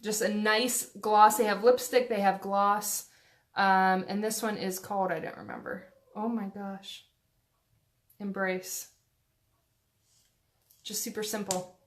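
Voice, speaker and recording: A woman's voice: medium pitch, fairly even intonation, slow pace, long pauses. A woman chatting through a casual makeup tutorial, rambling and self-deprecating with lots of fillers, recorded on a phone at home. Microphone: phone camera.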